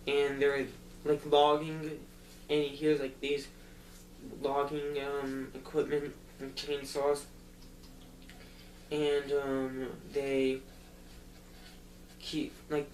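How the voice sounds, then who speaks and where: A man casually retelling a movie plot for a review, rambling loosely and filling pauses with "like" and "um". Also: fairly high pitch. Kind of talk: casual spoken movie recap. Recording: roomy echo, distant mic, faint hum.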